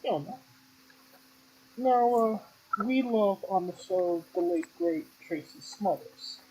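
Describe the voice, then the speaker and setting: Husky, mellow-voiced woman host. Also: medium pitch, slow, low-quality recording. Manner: jokey, upbeat, playful questions. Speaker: interview host. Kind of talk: casual interview questions.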